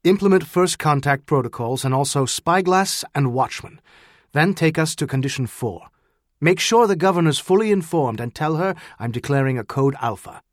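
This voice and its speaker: A man voicing a calm male starship captain who gives crisp, brisk commands. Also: on the high side, dry recording, studio quality, pitched above the performer's own voice, natural voice. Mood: crisp, commanding.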